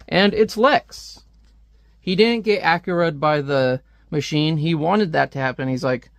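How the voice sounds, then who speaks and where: A man's voice: a little high, measured pace, creaky, no room sound, studio quality. A man casually reviewing a comic book, rambling and sarcastic as he reads panels aloud.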